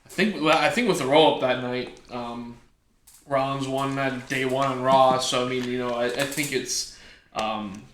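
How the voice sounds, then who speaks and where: A man co-hosting a podcast, chatting about wrestling as an eager fan, halting with many fillers. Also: mid-range voice, steady tone, a bit bright, roomy sound, a little hiss or hum. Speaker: podcast co-host. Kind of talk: casual wrestling chat.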